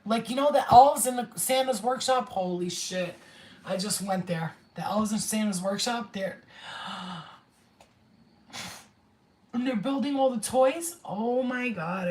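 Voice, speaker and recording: Excitable, slangy woman livestreaming. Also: fairly low pitch, echoey room, low-quality recording. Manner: excitable, slangy, swears freely. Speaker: spiritual livestreamer. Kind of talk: casual livestream chat.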